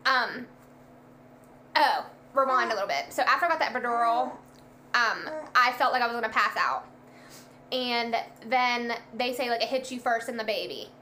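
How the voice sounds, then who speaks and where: Animated young woman, bright high voice. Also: normal speed, a little hiss or hum. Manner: animated, lots of "like", acts out quoted lines. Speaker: guest telling a birth story. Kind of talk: casual storytelling.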